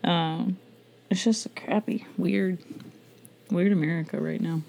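Woman in her thirties, low gravelly voice, giggly, rambling home podcast chat. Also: fairly even intonation, a little slow, a little mellow. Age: 30s. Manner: giggly, rambling, self-mocking. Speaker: podcast co-host. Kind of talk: casual chat.

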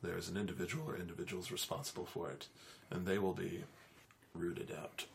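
A cold, commanding warlock, put on by a man for a tabletop game, his voice dropped low and hushed. He speaks in slow, grave pronouncements that leave no room for argument. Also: flat delivery, vocal fry, slight background noise.

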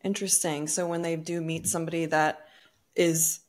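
A woman's voice: low-pitched, flat delivery, moderate pace, a little mellow. A woman hosting a podcast, interviewing attentively with open questions and short affirmations. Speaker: podcast host. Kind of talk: interviewing, brief reactions.

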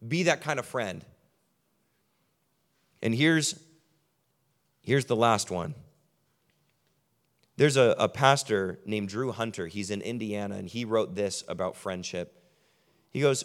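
A young man preaching a sermon as pastor. He tells stories in a low, quiet voice, then lifts his voice loud and high to drive a point home. His pace slows down for weight. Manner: shifts from quiet storytelling to loud emphatic preaching.

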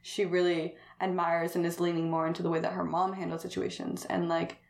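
Over a roomy echo, a woman chats casually as a guest, wandering off on tangents, peppering her speech with "like," and laughing frequently. She speaks briskly in a lowish, level voice that's gravelly yet a little mellow.

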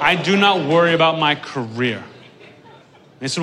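A man doing a stand-up comedy set on stage, profane and building to shouted rants. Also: fairly high pitch, expressive, moderate pace, long pauses. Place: comedy club stage with a live audience.

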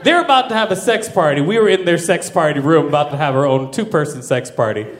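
A man telling a wild comic story in stand-up style, profane and animated, often laughing through his lines. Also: fairly high pitch, fast. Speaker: comedian.

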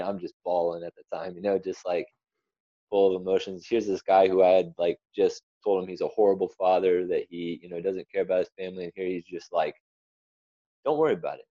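A man's voice: deep voice, warm tone, dry recording, muffled recording. A young man giving an earnest, rambling personal testimony as an interview guest. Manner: earnest, rambling storyteller with restarts.

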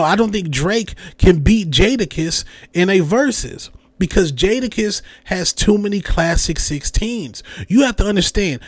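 A young man rants on his podcast in a comedic, animated way, doing little voices and circling back to the same catchphrases. His voice sits fairly high for a man. The sound is dry and close, with no room around it. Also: dry recording. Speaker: podcast host.

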